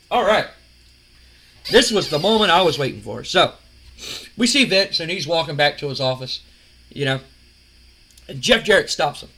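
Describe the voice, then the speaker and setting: A man's voice: fairly high pitch, expressive, moderate pace, long pauses, sharp tone, slightly rough. A man, casually recounting a wrestling management game as a rambling storyteller who acts out quoted lines. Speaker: game commentator. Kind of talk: casual play-by-play retelling of a wrestling sim.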